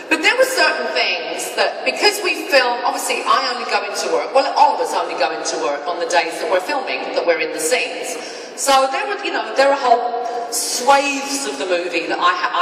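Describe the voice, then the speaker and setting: A British woman telling anecdotes as a guest on a convention panel, in an animated, sarcastic way. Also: fairly low pitch. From Britain. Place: large convention hall. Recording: echoey hall from far off, noisy.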